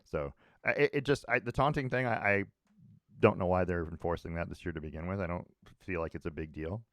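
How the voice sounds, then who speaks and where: A deep-voiced man talks sports with a co-host in a loose, rambling way, often restarting his sentences. The sound is close and dry, with no room echo. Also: brisk. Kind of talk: casual sports talk.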